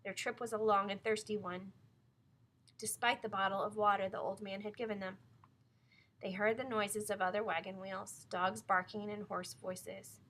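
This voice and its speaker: A woman narrating a novel aloud in a clear, measured storytelling manner. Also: medium pitch, flat delivery, fairly bright tone. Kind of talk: audiobook reading of a novel.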